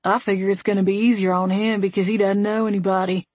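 A woman's voice: mid-range voice, little pitch movement, fast, darkish tone, dry recording, natural voice. A woman voicing an easygoing, chatty young male deputy who talks in a rambling, folksy way.

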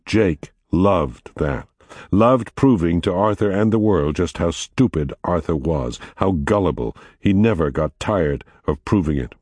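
A man narrating an audiobook in a measured, steady, quietly dramatic way. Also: extremely low pitch, husky, no room sound, studio quality.

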